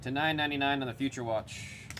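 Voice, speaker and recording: A man runs a live card break, announcing player names as they come up amid loose, jokey, wandering commentary. He speaks quickly at medium pitch with a bit of brightness, and a little hiss or hum is audible.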